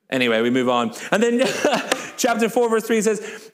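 A male pastor preaching a sermon to a congregation in church, lively and full of joking asides. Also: high-pitched, normal speed.

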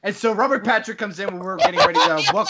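A man's voice: sits high, huge pitch swings, fast talker, very noisy. A man in casual chat, animatedly retelling a video game story and laughing as he goes.

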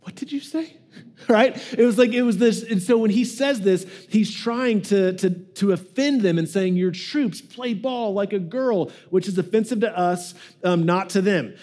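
A man with a high voice preaches in a relaxed, joking way and slips into playful voices for the people in his stories. It sounds like a pastor talking straight to his congregation. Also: a little slow. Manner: casual and joking, acts out quoted voices. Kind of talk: sermon.

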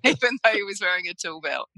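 Australian woman guest, chatty storyteller, laughs a lot, bright tense voice, dry close sound. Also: medium pitch, vocal fry, no room sound, low-quality recording. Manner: chatty, laughs often while telling stories. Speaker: guest photographer. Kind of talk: casual storytelling interview.

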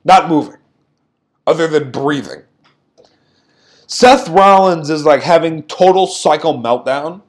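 A man's voice: fairly high pitch, measured pace, pauses often. A man co-hosting a podcast, recapping events in a sarcastic, incredulous rant. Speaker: podcast co-host. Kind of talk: casual recap commentary.

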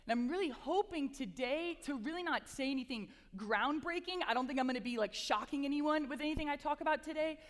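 A young woman delivers a chatty, upbeat chapel talk full of playful asides. Her voice sits high. It rings out with a long reverb across a large hall. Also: a little fast, hardly any pauses. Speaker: chapel speaker, campus ministry assistant. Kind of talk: casual sermon with prayer.

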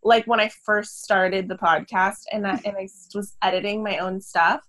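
A woman's voice: mid-range voice, fairly even intonation, normal speed, a bit bright, low-quality recording. SoCal woman, podcast host, casual and bubbly, self-deprecating. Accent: Southern Californian. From Southern California. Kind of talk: casual conversational interview.

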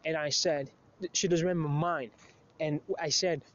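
A man's voice: fairly high pitch, steady tone, normal speed, a little hiss or hum. A man telling a story in a casual monologue, crude and profane, rambling with many restarts. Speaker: show host. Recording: slightly muffled lo-fi recording.

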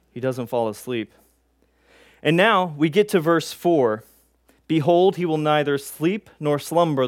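A man's voice: a little high, dry recording, clean studio sound. A man preaching an expository sermon, walking through a passage word by word and often checking in with "right?". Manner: teaching, explains word by word, frequent "uh" and "right?".

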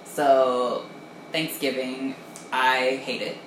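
A woman with a very deep voice tells relaxed, self-mocking stories in a casual chat and laughs easily. She is recorded in a strongly echoing room with clear background noise. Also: drawn-out words. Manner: laid-back storyteller, self-mocking, laughs often.

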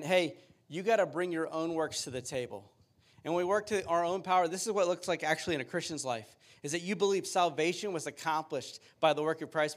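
Male pastor, high tenor, earnest sermon delivery with read-aloud scripture.

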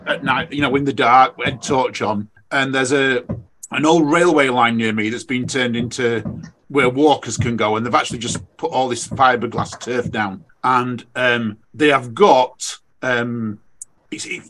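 Chatty British man telling stories. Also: medium pitch. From United Kingdom. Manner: chatty storyteller, animated when excited, many fillers. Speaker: race director guest. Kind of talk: casual podcast chat.

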